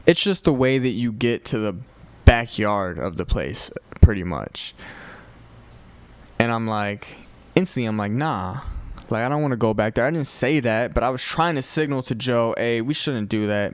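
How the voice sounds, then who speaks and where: A young man from Chicago with a Chicago accent, telling a profane, animated story on a podcast. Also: medium pitch, moderate pace, dry recording. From north side of Chicago. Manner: profane, animated retelling with quoted voices. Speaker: podcast host. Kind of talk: casual storytelling.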